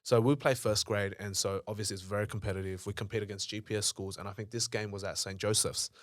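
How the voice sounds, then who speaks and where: Fast-talking man, swearing freely. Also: on the low side, steady tone, no room sound. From Australia. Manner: swears freely, acts out past arguments in a raised voice. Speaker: podcast guest, entrepreneur. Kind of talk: casual interview storytelling.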